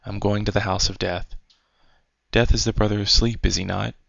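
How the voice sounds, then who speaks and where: A man voicing a loyal little male swallow who speaks softly and devotedly. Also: on the low side, little pitch movement, normal speed, vocal fry, dry recording, full character voice. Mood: faint. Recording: dry, dull lo-fi recording.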